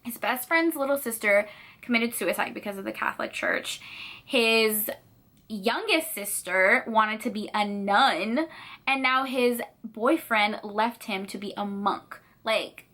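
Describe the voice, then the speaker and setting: A woman's voice: on the high side, a little slow, sharp tone. Bubbly, chatty young woman vlogger. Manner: bubbly, gushing, lots of fillers. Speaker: book vlogger. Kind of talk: chatty reading vlog.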